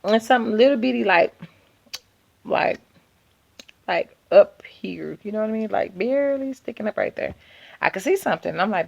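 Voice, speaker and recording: A woman in her thirties telling a personal story to her viewers in an animated, chatty way. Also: medium pitch, normal speed, gravelly. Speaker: vlogger.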